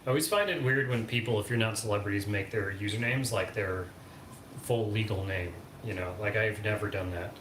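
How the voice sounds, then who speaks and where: A man's voice: on the low side, fairly quick. A man co-hosting a home livestream, chatting casually in a dry, wry way and reading out viewer comments. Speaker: livestream co-host reading chat. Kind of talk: casual chat. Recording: echoey room with clear background noise.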